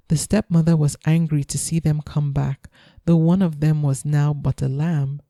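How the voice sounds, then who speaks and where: A woman reads a folktale in a slow, soothing bedtime style. Her voice is very dark and mellow. The sound is close and dry. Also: deep voice, dry recording. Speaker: storyteller. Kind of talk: calm bedtime story reading.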